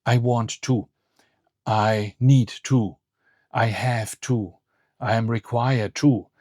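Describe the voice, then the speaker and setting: A man teaching a beginner Greek lesson online, saying model phrases clearly and slowly and setting short quizzes. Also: mid-range voice, fairly even intonation, dark tone, dry recording, studio quality. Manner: clear, slow model phrases with quiz prompts.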